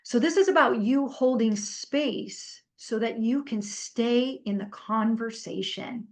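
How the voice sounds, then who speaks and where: Speaking slowly in a fairly high voice, a middle-aged woman teaches a workshop in an easygoing way. She tells animated stories, uses conversational fillers, and asks the group what they think.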